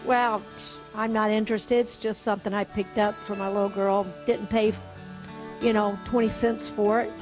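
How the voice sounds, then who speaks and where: A woman playing an ordinary father who shrugs off a cheap trinket, in a lower, quieter voice, inside a story told in a sermon. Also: flat delivery, normal speed, faint music behind, natural voice, low-quality recording. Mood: offhand. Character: baffled father, a plain ordinary man.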